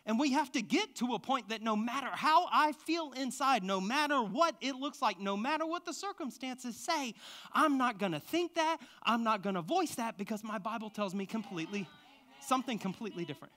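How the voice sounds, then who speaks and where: Male preacher, high ringing voice, testimony sermon with big hushed-to-loud swings. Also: lively intonation, moderate pace. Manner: passionate, swings from hushed confessions to loud exclamations. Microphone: stand microphone.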